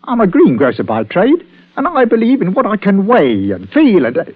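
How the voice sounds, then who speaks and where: An actor playing a superstitious village greengrocer in a 1940s radio drama, speaking in a folksy, deferential way with rustic grammar. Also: male voice, high-pitched, huge pitch swings, normal speed, slightly rough, full character voice. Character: superstitious village greengrocer and church bell-ringer, man, middle-aged. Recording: dull old radio broadcast.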